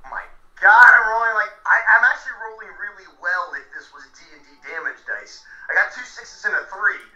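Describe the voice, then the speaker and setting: Excitable male player, fairly high voice; lo-fi, far-off echoey sound. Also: brisk, soft background music. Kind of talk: tabletop role-play. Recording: dull, distant, echoey recording.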